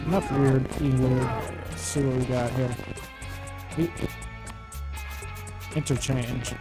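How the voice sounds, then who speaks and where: A mid-pitched live streamer chats casually over a game, rambling and cracking jokes while reading chat aloud. Game music plays clearly in the background. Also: poor audio.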